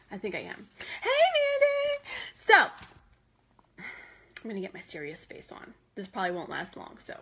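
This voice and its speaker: Bubbly, bright-voiced woman vlogger. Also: a little high, breathy edge. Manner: excitable and goofy, greets viewers by name, self-deprecating. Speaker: homeschool vlogger hosting a live video. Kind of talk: bubbly casual live-stream chat.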